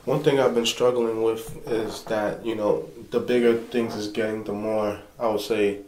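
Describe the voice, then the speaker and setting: A man's voice: lowish voice, normal speed, roomy sound, a little hiss or hum, low-quality recording. A man who is a pastor and show host, telling stories in casual conversation and acting out the people he quotes. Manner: animated storyteller, acts out quoted people.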